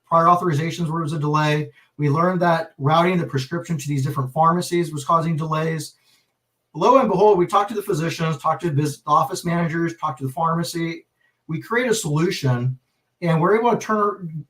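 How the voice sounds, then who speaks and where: A man's voice: on the high side, far from the mic. A man, a pharmacist and healthcare leader, telling a story on a podcast, acting out the dialogue and often restarting his sentences. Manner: animated storyteller, acts out quoted dialogue, many restarts. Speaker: pharmacist and healthcare executive guest.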